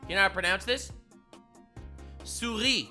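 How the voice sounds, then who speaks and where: Bright, animated young man ranting. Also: on the high side, moderate pace, faint music behind. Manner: loud, swearing, ranting with big swings in loudness. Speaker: reaction streamer. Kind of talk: casual reaction commentary.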